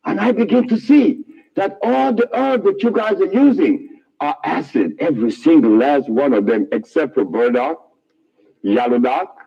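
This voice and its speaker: A man spins a rambling story about his own life and laughs at his own remarks. His husky voice sits a little high and swings widely up and down. The recording is dull and lo-fi. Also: lively intonation, normal speed, dark tone.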